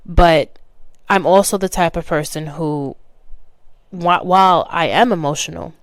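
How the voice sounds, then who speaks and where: Young woman podcaster, frank and lively, lower voice, dry close sound. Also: a little slow, dry recording. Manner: candid, animated, talks straight to the listener. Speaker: podcast host. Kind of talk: casual monologue.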